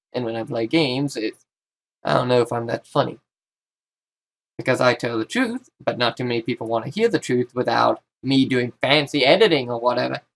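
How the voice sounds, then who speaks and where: A man's voice: medium pitch, gravelly. Man, youtuber, casual vlog monologue, rambling, self-interrupting, opinionated.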